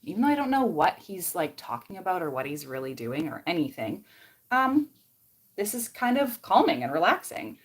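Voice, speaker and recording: This young woman's voice sits on the low side and is very animated, moving at a moderate pace. She's a beauty vlogger with a Canadian accent, curling her hair on a livestream, reading comments aloud and rambling casually between steps.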